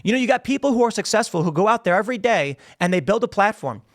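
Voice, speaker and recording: A podcast host tears into his critics in a ranting monologue, and his high voice leaps up and down as he mocks and repeats himself for emphasis. He speaks straight into a studio microphone. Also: expressive, fast talker. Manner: emphatic and mocking, repeats phrases for effect.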